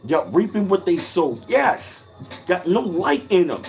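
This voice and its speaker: On a casual livestream, a man reads chat in a somewhat high, very animated voice at a moderate pace, his pitch swinging up and down to hammer home each point. He's emphatic, repetitive and full of swearing, calling out viewers by name while faint music plays behind him.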